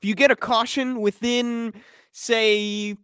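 A man's voice: very high-pitched, level tone, slow, bright, forceful tone, smooth, no echo, clean studio sound. Chatty man breaking down a race. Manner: chatty, analytical about racing. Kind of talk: live race chat stream.

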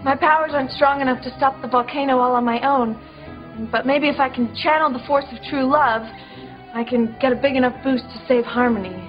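A woman's voice: sits high, fairly even intonation, brisk, lightly acted. An actress playing an urgent, pleading young woman in a soap opera. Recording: dull broadcast sound with music.

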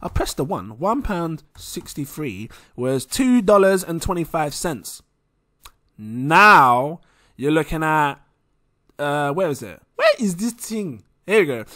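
A young man with an English accent rambles excitedly through a casual screen-share commentary as a crypto vlogger, laughing at himself. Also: a little high, takes it slowly, no room sound, studio quality. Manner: excitable, giggly, rambling, self-mocking.

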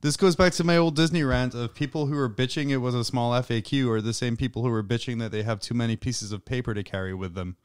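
A man co-hosting a podcast in casual banter, making dry, deadpan quips. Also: medium pitch, fast, few pauses, clean tone, no room sound. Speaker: podcast co-host.

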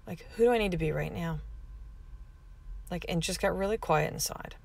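A woman's voice: lowish voice, moderate pace, creaky, dry recording. A woman hosting her own podcast, telling a family story in a candid, chatty way with many fillers. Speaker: podcast host and mother. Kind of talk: casual podcast monologue.

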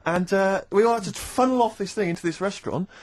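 A man co-hosting a radio show, telling anecdotes in an animated, storytelling way. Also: high voice, fast talker. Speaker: radio co-host. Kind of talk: casual radio chat. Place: radio studio.

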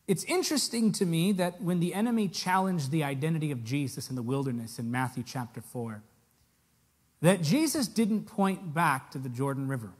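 A man's voice: fairly high pitch, animated, moderate pace, husky. A man preaching a sermon to a live congregation, direct and emphatic, pressing his points with rhetorical questions. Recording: echoey hall with long reverb.

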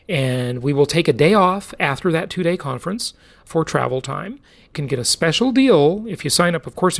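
A man's voice: fairly high pitch, vocal fry. A middle-aged man hosting a podcast, talking in a casual, emphatic and salesy way. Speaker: podcast host.

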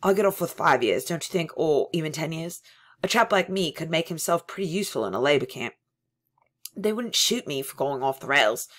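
A woman voicing a panicky, servile middle-aged male prisoner who stammers and pleads loudly. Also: low voice, expressive, brisk. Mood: pleading. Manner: stammering, pleading, louder than narration.

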